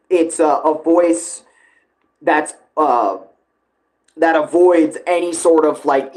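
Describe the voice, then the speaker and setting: A man chatting loosely about his own song cover, swearing and restarting sentences often. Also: on the high side. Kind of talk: casual rambling commentary.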